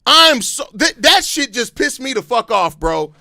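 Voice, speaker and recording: A man with a very high, bright, forceful voice hosts a live sports podcast. He rants with passion and heavy profanity. The sound is close and dry. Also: a little slow, gravelly, dry recording. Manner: impassioned, heavily profane ranting; calmer, apologetic stretches between outbursts. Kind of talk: live-stream sports fan commentary.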